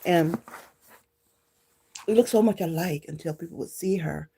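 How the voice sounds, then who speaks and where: Brief: woman vlogger from Detroit, low voice, warm and unhurried, reminiscing straight to camera. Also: vocal fry, slight background noise. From Detroit, Michigan. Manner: reminiscing, talks straight to viewers. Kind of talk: casual chat to viewers.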